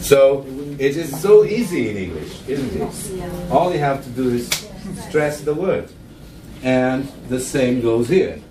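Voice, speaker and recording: A man's voice: on the high side, animated, over a noisy crowd. Brazilian man giving a workshop in an echoey hall. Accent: Brazilian Portuguese. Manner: demonstrative, models stress with slow exaggerated examples. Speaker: teacher trainer giving a conference talk. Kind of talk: conference workshop talk. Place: conference hall with an audience. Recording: echoey hall from a distance with audience.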